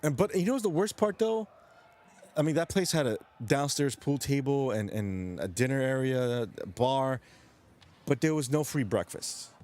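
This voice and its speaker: In a mid-range, a little mellow voice, animated and at normal speed, a late-night streamer talks casually with his viewers. He's profane and rambling, often restarting sentences, and says he's originally from New York.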